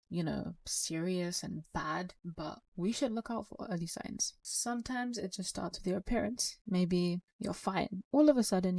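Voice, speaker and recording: Brief: an encouraging woman host, low-ish gravelly voice, dry sound. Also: darkish tone, no echo, recorded from a distance. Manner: earnest, encouraging. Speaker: channel host. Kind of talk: reflective advice talk.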